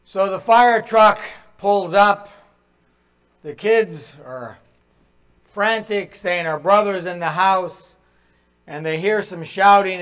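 A male pastor preaching a sermon in a church, telling a story and swinging from loud to hushed. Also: high voice, smooth, rough recording.

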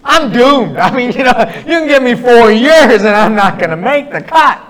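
A middle-aged man preaching a sermon, telling stories earnestly and pausing between phrases. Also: very high voice, animated, fairly bright tone, rough recording. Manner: earnest storytelling with pauses.

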